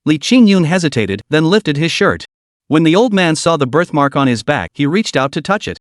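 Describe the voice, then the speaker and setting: A man narrating a comic story recap in a steady, scripted read. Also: fairly high pitch, normal speed, no echo, studio quality.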